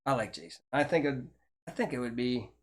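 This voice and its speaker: A man's voice: mid-range voice, lively intonation, fairly quick. An older man, hosting a casual chat show and talking in a rambling, chatty way with frequent restarts. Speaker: host.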